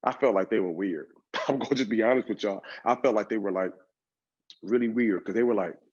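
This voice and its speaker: A man giving a motivational keynote, telling an animated personal story and talking straight to the audience in a conversational way. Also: on the low side, brisk, breathy edge. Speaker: motivational speaker. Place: event stage. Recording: dull lo-fi recording.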